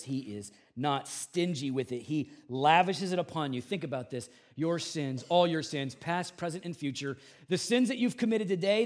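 Male pastor, high voice, animated sermon delivery, chatty storyteller with punchy loud bursts and soft drops. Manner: animated, swings between loud emphatic peaks and quiet asides; conversational storytelling with self-deprecating humor.

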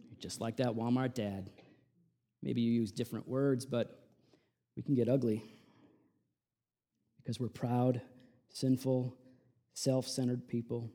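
This pastor, mid-range in voice, preaches conversationally and packs his sermon with rhetorical asides. He drops to hushed lines, then climbs to loud, emphatic peaks.

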